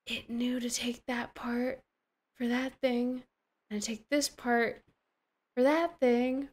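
Young female gamer, slow unhurried delivery, gasps and gushes over every find, slangy self-talk. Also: on the high side, little pitch movement, a bit bright. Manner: gushing, easily delighted, gasping often; slang-heavy, talks to herself while playing. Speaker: gaming streamer. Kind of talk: casual gameplay commentary.

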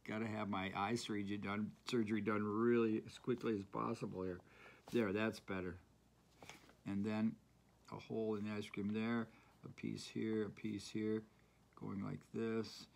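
A man's voice: lowish voice, level tone, normal speed, gravelly. A man giving a casual, playful drawing tutorial, chatting to viewers as he colors with markers and pencils. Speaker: art teacher.

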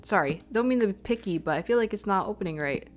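Young canadian woman streaming a game, rambling and apologetic, mid pitch, soft music behind. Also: animated, fast. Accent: Canadian English. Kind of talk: casual live-stream chat while gaming. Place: home room, stepping away from the mic at times. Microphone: desk microphone.

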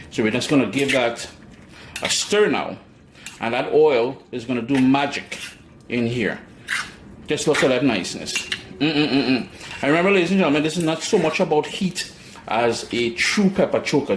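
A man's voice: mid-range voice, echoey room, slight background noise. A man hosting a home cooking demonstration, chatty and folksy, talking straight to his viewers. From Trinidad and Tobago. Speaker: cooking show host. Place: home kitchen.

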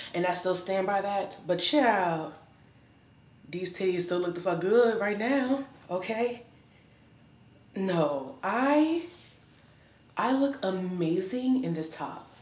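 Young woman, fashion vlogger, sassy and exuberant, echoey room, distant mic. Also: fairly high pitch. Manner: sassy, exuberant, says "child" often. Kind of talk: casual try-on haul chat. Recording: roomy, from a distance.

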